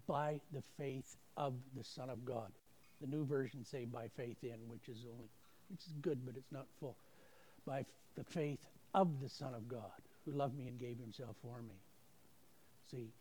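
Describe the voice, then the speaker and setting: A man's voice: medium pitch, mellow, slight background noise. A man giving a folksy, self-deprecating testimony at a church service, acting out the voices in his stories. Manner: folksy, self-deprecating storyteller who acts out quoted voices. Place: church service, streamed online.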